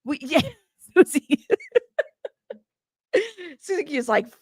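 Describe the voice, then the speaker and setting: A woman's voice: sits high, lively intonation, slow pace, a little mellow, no echo, clean studio sound. A woman hosting a casual livestream, chatting and reading viewer comments in a teasing, rambling way, cussing and laughing often. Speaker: livestream news host.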